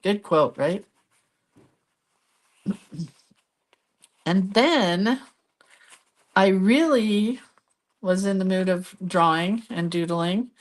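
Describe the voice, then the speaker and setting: A woman's voice: medium pitch, expressive, extremely slow, pauses often. A middle-aged woman hosting a live crafting video, chatting casually as she shows her pages and reads viewer comments aloud.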